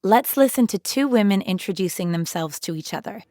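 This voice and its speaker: A woman co-hosting a scripted language lesson, speaking clearly and encouragingly. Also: mid-range voice, lively intonation, fairly quick, dark tone. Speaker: French teacher.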